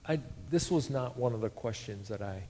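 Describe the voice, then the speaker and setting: A man interviewing a guest in church, asking slow, thoughtful questions. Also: medium pitch, expressive, very noisy. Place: church sanctuary. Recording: long hall reverb.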